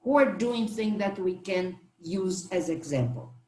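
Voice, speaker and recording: Slow, earnest woman panelist. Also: mid-range voice, animated, mellow, echoey room, a little hiss or hum. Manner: slow, earnest, halting with restarts. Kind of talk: panel discussion answer.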